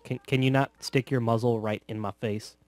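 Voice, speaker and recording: A man casually commenting on a video game, joking sarcastically with bursts of loud laughter. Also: mid-range voice, fairly even intonation, normal speed, faint music behind. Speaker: gameplay commentator. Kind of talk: casual let's play commentary.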